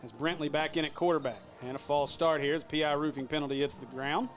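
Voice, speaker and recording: A man doing play-by-play for a high school football game, joking with his partner and shouting on big plays. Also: steady tone, fast talker. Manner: jokey, laughs often, shouts big plays. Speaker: play-by-play announcer.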